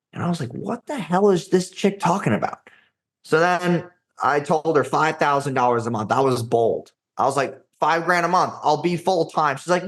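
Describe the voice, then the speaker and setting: A man's voice: a little high, lively intonation, fairly quick. A young man in his twenties, a guest on a podcast, telling stories in a brash, casual way, full of profanity and "dude" and "like". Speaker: podcast guest, agency founder. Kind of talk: casual storytelling interview.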